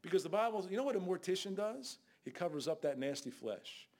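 An older man preaching a fiery Bible sermon as a guest preacher, scolding loudly and then dropping to low asides. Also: big pitch swings, fairly quick. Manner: loud, scolding, shifts between shouting and low asides.

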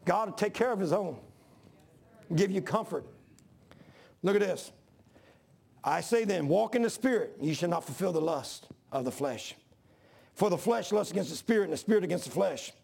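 Middle-aged male pastor, higher pitch with gravel and husk, storytelling sermon that climbs to shouts. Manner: storytelling preacher, repeats phrases, rises to shouts.

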